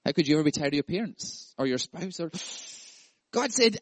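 A man's voice: on the high side, animated, brisk, no echo. A male pastor preaching a sermon, playful and jokey, acting out voices.

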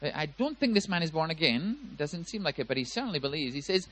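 Emphatic preaching man, slightly high voice. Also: very animated, a little fast, few pauses, no echo, low-quality recording. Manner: emphatic preaching with swings in loudness and pace, repeats words. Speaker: pastor. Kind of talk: sermon.

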